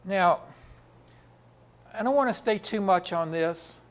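A man's voice: high voice, slow pace. A man preaching a sermon, asking the congregation rhetorical questions and answering them himself.

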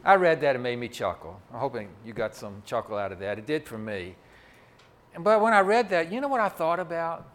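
A man's voice: mid-range voice, very animated, a little fast. A man preaching a sermon from a church pulpit into a microphone, in a folksy, conversational way with asides to the congregation. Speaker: pastor. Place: church sanctuary.

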